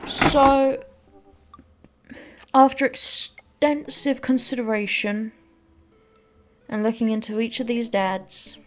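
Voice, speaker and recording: A woman's voice: a little high, fairly even intonation, slow, long pauses, slight background noise. A woman giving rambling, self-deprecating casual commentary while playing a game. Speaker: let's play host.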